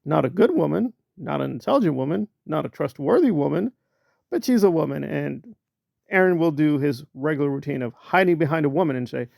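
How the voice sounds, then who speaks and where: A man delivers sarcastic, mocking commentary, stretching out words for comic emphasis. His voice is gravelly and sits a little high. The recording is dry and close. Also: lively intonation, a little fast, darkish tone, no room sound. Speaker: commentary channel host.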